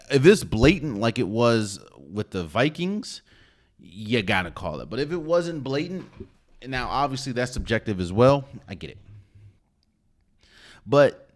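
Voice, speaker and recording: A man hosting a solo sports podcast, giving opinionated, emphatic commentary with sudden loud rises and quiet asides. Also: lowish voice. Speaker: podcast host.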